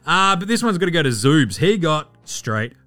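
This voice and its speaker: Australian male podcast host, lively swearing sports rant, fairly high voice. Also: moderate pace, soft background music. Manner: animated, swearing, mock-outraged.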